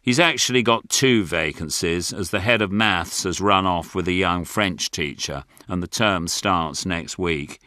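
Older man, low and bright, dry wit, lively delivery; close dry studio read. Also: a little slow, hardly any pauses, dry recording. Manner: dry, wry, self-mocking. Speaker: author and narrator. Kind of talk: audiobook memoir narration.

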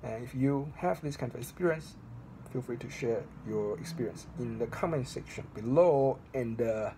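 A man's voice: mid-range voice, normal speed, background noise. A man giving a casual online English pronunciation lesson, hesitant, with many fillers and restarts, repeating example words.

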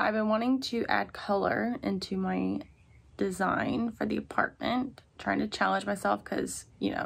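A young woman vlogging casually from her apartment in a groggy morning voice, chatty and relaxed with lots of fillers. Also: medium pitch, vocal fry. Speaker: DIY vlogger. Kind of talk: casual home vlog narration. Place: apartment living room.

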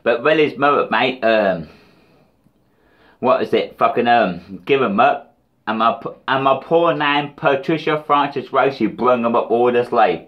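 A man's voice: medium pitch, unhurried. Profane rambling British man, lo-fi. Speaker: vlogger. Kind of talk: rambling diss vlog monologue.

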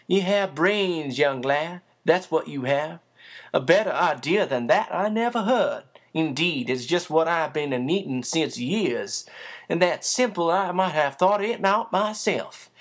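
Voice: medium pitch, lively intonation, unhurried, voice pushed up. A reader voicing a large, flustered country cook who speaks in old-fashioned, homely phrases. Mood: admiring.

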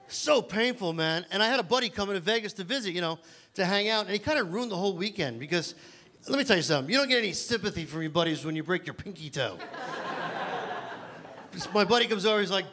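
A male stand-up comic on a club stage with a high, bright voice. His self-mocking stories ramble and trip over restarts, and faint background noise sits under the stage mic. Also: expressive, fast. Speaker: stand-up comedian. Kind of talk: stand-up comedy set.

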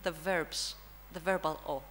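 A Greek woman with a Greek accent, a language teacher, presents an interactive lesson in a conference room, quizzing the audience and frequently checking in with a questioning "hmm?". Her voice is deep, steady, a little slow and a bit bright, captured in a rough recording with slight background noise.

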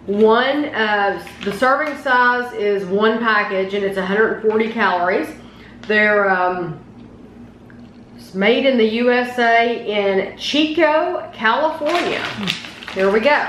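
Chatty high-voiced woman reviewing snacks. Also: slow pace, fairly bright tone, roomy sound, slight background noise, rough recording. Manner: chatty and enthusiastic, reads out package details. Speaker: host of a snack taste-test channel. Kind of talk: casual taste-test review.

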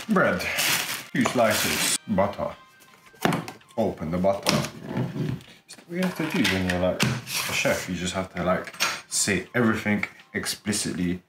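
A man's voice: low voice, lively intonation, unhurried, fairly bright tone. A man chatting casually in a vlog at home, with playful, joking self-commentary. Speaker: vlogger. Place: home kitchen. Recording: echoey kitchen with music.

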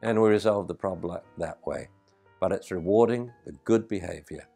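A male dog trainer giving an animated, emphatic, conversational talk as he answers a viewer's question. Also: low-pitched, moderate pace, gravelly, faint music behind.

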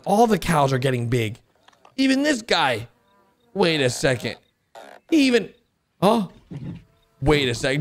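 A man excitedly commenting on cartoon clips for viewers, exclaiming, gasping and laughing as he goes. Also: high-pitched. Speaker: host reacting to animations.

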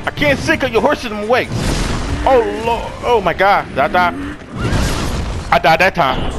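A young man streaming a video game, shouting, cursing and shrieking in frantic play-by-play, then winding down in a tired sign-off. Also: normal speed, long pauses, over music. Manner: yelling, cursing, high-pitched shrieks when panicked. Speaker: gaming streamer. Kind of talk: frantic gameplay commentary.

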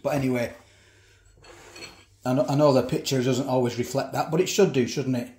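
A man's voice: medium pitch, moderate pace, pauses often, warm tone, roomy sound, a little hiss or hum. A man casually reviewing a ready meal, chatting and eating as he talks, with cutlery clinking. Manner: chatty, eats while talking, repeats himself. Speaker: food reviewer.

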